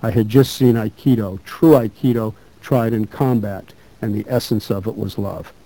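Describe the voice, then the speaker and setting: Guy reading a story in a talk, calm and measured, mellow dark tone, dry sound. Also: on the low side, dry recording, rough recording. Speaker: speaker.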